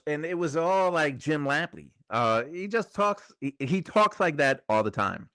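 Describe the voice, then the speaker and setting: A man's voice: a little high, expressive, moderate pace, hardly any pauses, fairly bright tone, no room sound, clean studio sound. A middle-aged man hosting a casual live stream, chatting loosely, reading viewer comments aloud and often repeating his phrases. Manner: rambling, conversational, repeats phrases. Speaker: show host.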